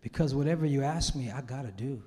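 A man from Los Angeles who is a pastor, preaching a sermon to his congregation. He goes from hushed, tearful confession to shouted exclamation. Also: mid-range voice, quick pace, in a large hall, a little hiss or hum. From Los Angeles, USA. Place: large church hall.

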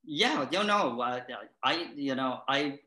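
A middle-aged man telling comic stories to a therapist in a rambling, halting way, full of restarts and deadpan asides. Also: medium pitch, echoey room. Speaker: patient in a comedy sketch.

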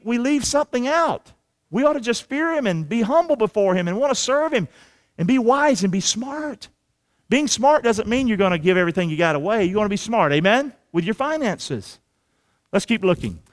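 Male pastor, high-pitched, energetic folksy preaching with call-and-response lines. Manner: energetic preaching, calls for the congregation to repeat lines; colloquial, drops into folksy slang. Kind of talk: sermon. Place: church sanctuary.

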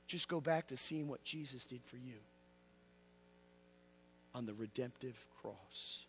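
A man preaching a revival sermon as an evangelist, calling out questions to the congregation and swinging between loud exclamations and low quiet asides. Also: a little slow, long pauses, slight background noise. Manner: call-and-response with the congregation. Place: church.

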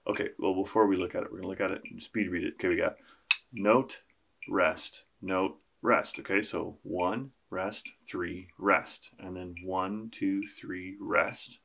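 A man's voice: low voice, fairly even intonation, a little slow, vocal fry, fairly bright tone. Upbeat man teaching percussion. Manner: counts beats aloud, upbeat and joking. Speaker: school band teacher. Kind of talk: online percussion lesson.

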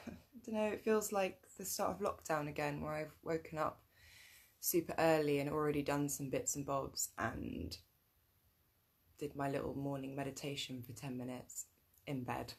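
A low, husky-voiced woman with a groggy morning rasp, chatting easily before she reads aloud. Her gravelly tone stays relaxed and unhurried as she leads her book group. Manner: relaxed, chatty, with soft laughs. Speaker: reader leading a book group. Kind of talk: casual chat then reading aloud.

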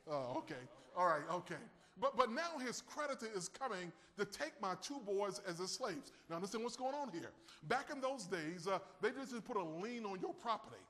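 A man preaching a sermon, animated and calling on his listeners to answer and raise their hands. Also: sits high, a little fast, hardly any pauses, long reverb tail. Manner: animated, calls on the audience to respond.

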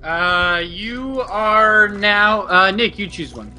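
A man's voice: high voice, expressive, slow pace, bright, forceful tone, faint music behind. A man joining a let's-play as a co-commentator, teasing dryly. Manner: dry, teasing. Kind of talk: casual gameplay chat.

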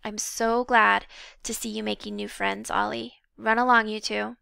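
A woman reading the lines of a soft-spoken, sentimental school principal. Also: mid-range voice, level tone, normal speed, vocal fry, clean tone, no room sound, clean studio sound. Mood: sympathetic. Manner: soft, sympathetic.

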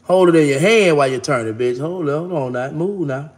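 Blunt foul-mouthed woman vlogging, loose and animated, just talking to her viewers. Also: low-pitched, brisk, slight background noise. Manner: blunt, profane and brash; animated and expressive. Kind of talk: casual monologue to camera.

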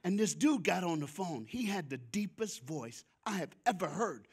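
A man preaching to a church congregation, telling a story in casual, slangy speech that swings between loud bursts and quiet asides and leads call-and-response. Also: high voice, normal speed, breathy edge. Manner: lively storyteller with sudden shifts between loud and soft, chuckling. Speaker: guest speaker at a church.

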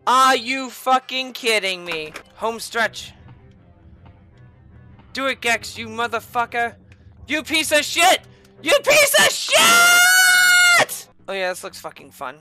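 A woman streaming a video game, raging and cursing loudly at it in heated gameplay commentary. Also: on the high side, lively intonation, unhurried, pauses often, soft background music. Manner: furious profane yelling at the game. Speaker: gaming streamer.

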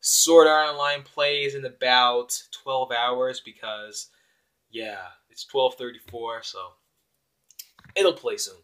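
Young male anime reviewer, bright, rambling, casual. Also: mid-range voice, fairly even intonation, slow pace. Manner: rambling with fillers and voiced quotes. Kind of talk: casual episode recap. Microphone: phone.

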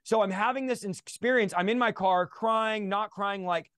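A man's voice: high-pitched, moderate pace, a bit bright, no room sound, studio quality. A man in his thirties, a guest in a livestream interview, telling his testimony with a passionate, preacher-like drive.

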